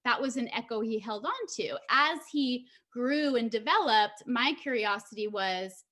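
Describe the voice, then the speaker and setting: Woman presenting, slightly high voice. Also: moderate pace, fairly bright tone. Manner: conversational, many filler ums. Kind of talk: online presentation.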